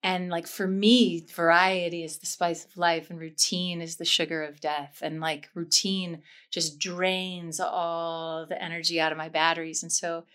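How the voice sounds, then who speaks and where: An improv comedian, a woman, talks openly as an interview guest. She is effusive and laughs at herself. Her energy swings quickly from quiet reflection to bursts of enthusiasm. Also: fairly low pitch, flat delivery, clear, resonant tone. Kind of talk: candid interview chat.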